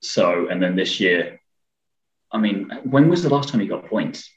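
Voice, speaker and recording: A man's voice: low-pitched, lively intonation, unhurried, reverberant, muffled recording. A man co-hosting a podcast, casually chatting with teasing, rambling analysis. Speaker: podcast co-host. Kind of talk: casual chat.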